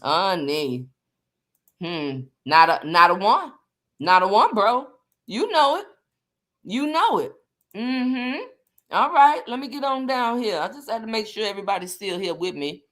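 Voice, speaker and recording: Chatty woman on a livestream, lively and slangy, calls out to viewers. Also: a little high, normal speed. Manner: animated, talks to viewers by name, loose slangy asides. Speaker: livestream host. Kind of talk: casual live chat commentary.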